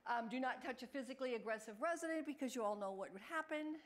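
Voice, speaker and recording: A woman leading a care staff training session, talking fast and chatty, acting out example lines in a brighter voice. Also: sits high, animated. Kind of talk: in-service training talk.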